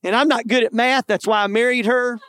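A man's voice: very high voice, fairly even intonation, brisk, fairly bright tone, dry recording. A man preaching, telling a personal testimony earnestly with self-deprecating jokes. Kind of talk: sermon testimony storytelling.

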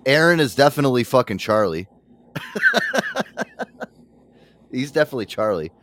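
A man's voice: mid-range voice, moderate pace. A middle-aged man co-hosting a podcast, telling stories about a friend in casual chat, swearing often and acting out other people's voices. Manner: animated storyteller, acts out friends' voices, swears a lot. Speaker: podcast co-host.

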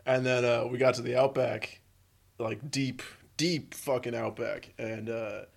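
A man telling stories in casual chat, relaxed, with frequent swearing and filler words. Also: mid-range voice, a little slow, vocal fry.

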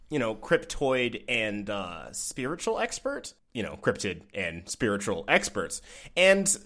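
A man co-hosting a podcast, joking in casual chat as a deadpan mock expert. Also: lowish voice, slow. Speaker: podcast co-host.

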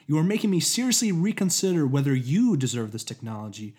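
A man voicing an arrogant older male master inventor in a storybook reading, with a pompous, booming, commanding delivery. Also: lively intonation, fast, a little mellow, breathy edge.

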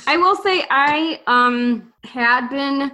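A woman's voice: sits high, slow pace, sharp tone. A woman co-hosting a podcast in casual chat, enthusiastic and chatty, often restarting her sentences. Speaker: podcast co-host.

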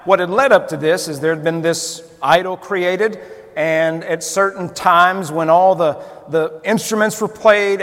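Male preacher, conversational sermon delivery, high voice, hall reverb. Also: a bit bright. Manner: conversational, asks the listeners questions.

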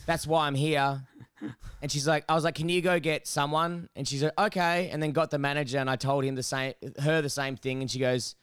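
Man, Australian accent, podcast co-host, sweary storyteller, smooth clear voice, dry close sound. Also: a little high, fast talker, few pauses, no room sound. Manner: sweary, animated storyteller who acts out both sides of exchanges. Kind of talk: casual storytelling chat.

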